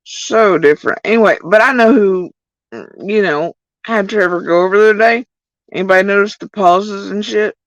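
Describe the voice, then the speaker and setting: A woman's voice: mid-range voice, normal speed, no room sound, lo-fi sound. A woman livestreamer talking casually to her chat in a profane, heated rant, addressing viewers directly. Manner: profane, animated ranting.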